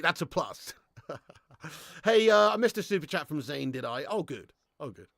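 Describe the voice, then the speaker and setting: A man hosting a live football watchalong, excitable and swearing freely while chatting to viewers. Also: on the high side, gravelly, no room sound, clean studio sound.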